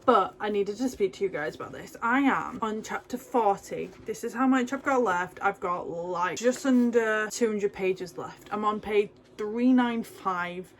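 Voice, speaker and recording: A woman's voice: medium pitch, unhurried, hardly any pauses, slight background noise. A young British woman chatting casually to camera as a book vlogger, gushing and rambling with asides. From Britain. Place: home, indoors.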